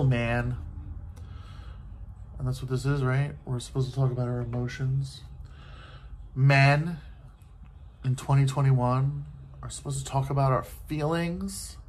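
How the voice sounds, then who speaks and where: A man's voice: mid-range voice, a bit bright. A man in a casual, rambling rant from a hotel room, loose and exasperated, swearing often and leaning on filler words. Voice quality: profane, loose, exasperated delivery with many fillers. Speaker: vlogger. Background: faint TV noise.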